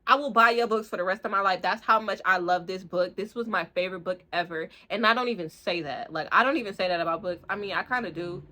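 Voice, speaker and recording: A young woman, rambling excitedly in a casual book review, full of fillers and slang. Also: medium pitch, fast, hardly any pauses. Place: room at home, street outside.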